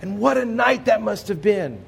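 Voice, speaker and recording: A man preaching a sermon as pastor, earnest and measured, dropping soft and low on key phrases. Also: expressive, gravelly, breathy edge.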